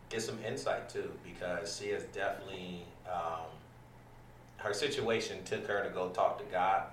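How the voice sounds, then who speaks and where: A man hosts a laid-back podcast, his voice bright and forceful but sitting back from the mic in an echoey room. He talks loosely, full of ums and curse words, with a faint hiss of noise underneath. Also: low voice, recorded from a distance. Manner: loose, profane, many ums and restarts. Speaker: podcast host. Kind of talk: casual podcast chat.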